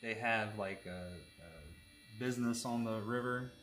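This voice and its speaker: Slow and slightly bright, this man's low-side voice carries over faint music as he tattoos. He rambles through jokey stories, packed with fillers, in casual chat while working.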